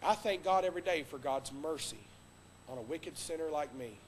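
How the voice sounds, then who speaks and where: A man preaching a sermon from the pulpit, impassioned, swinging between loud exhortation and hushed earnest tones. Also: a little high, lively intonation, moderate pace, slight background noise. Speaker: pastor. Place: church sanctuary. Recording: long reverb of a church hall.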